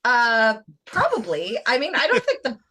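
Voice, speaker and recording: A woman's voice: a little high, wildly swooping pitch, normal speed, sharp tone, slightly rough. Chatty woman hosting a game. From Canada. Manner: playful, chatty storyteller. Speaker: guest host. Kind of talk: live podcast banter, running a trivia game.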